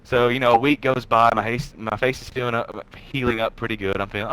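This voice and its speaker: A man's voice: mid-range voice, steady tone, a little fast, a bit bright, a little hiss or hum, rough recording. A man telling a personal story in a rambling, casual way, swearing now and then. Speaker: guest storyteller.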